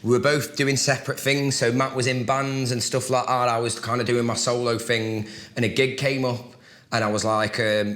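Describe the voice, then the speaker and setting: A man's voice: medium pitch, little pitch movement, moderate pace, fairly bright tone. A young man from England, a musician, chatting casually and telling stories in a laid-back way. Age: young adult. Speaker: musician guest. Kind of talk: casual chat. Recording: echoey room.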